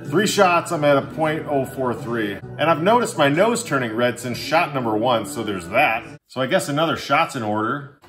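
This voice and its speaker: A young male vlogger chatting to his camera in a loose, joking, upbeat way. His voice sits at an ordinary mid pitch for a man, with faint music playing underneath. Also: lively intonation, normal speed. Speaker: vlogger testing drinks on a breathalyzer. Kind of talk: casual on-camera vlog.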